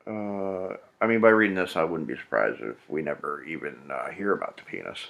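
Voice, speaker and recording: A man with a low, gravelly voice reads a novel aloud for laughs. He keeps stopping to mock it in crude, profane asides, sounding fed up with the text. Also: fairly quick, fairly bright tone. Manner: profane, exasperated, mocking. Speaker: comedic reader. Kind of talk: comedic read-aloud with crude commentary.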